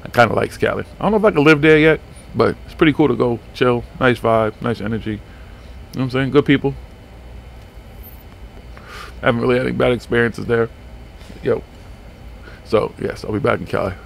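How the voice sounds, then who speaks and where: Male talk-radio host, gravelly, rambling, cursing, small studio with faint noise. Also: mid-range voice, brisk, pauses often. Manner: profane, rambling, animated. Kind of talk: casual live radio chat.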